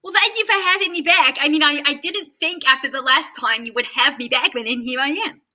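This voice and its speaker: A woman doing a chatty, doting mall kiosk attendant with a very high, bright, sharp voice. She gushes sweetly and calls people honey. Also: fairly quick. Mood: gushing. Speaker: guest.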